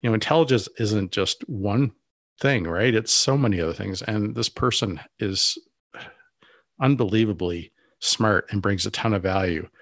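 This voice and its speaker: Casting note: low-voiced male podcast co-host, loose rambling delivery, dry close mic. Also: moderate pace, fairly bright tone, no room sound. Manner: rambling, frequent restarts and asides. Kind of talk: casual podcast conversation.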